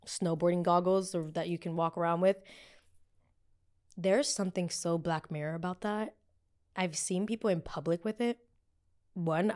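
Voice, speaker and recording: Brief: young female host, smooth and clear voice, sits a bit low, chatty, rambling and sassy. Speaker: podcast host. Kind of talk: casual pop culture chat.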